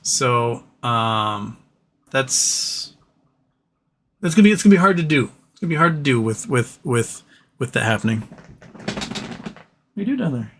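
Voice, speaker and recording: A man's voice: mid-range voice, lively intonation, moderate pace, pauses often, fairly bright tone, slight background noise. A man hosting a live stream, telling stories in a rambling, profane, casual way. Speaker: livestream host.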